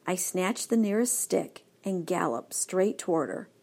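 Lively woman reading a children's story. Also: lowish voice, measured pace, vocal fry. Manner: lively, expressive. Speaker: audiobook narrator. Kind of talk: scripted storybook narration.

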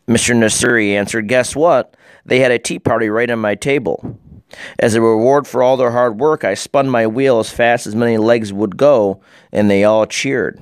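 A man reading a children's book aloud in a calm, gentle storytelling manner. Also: medium pitch, normal speed, smooth, no room sound, clean studio sound.

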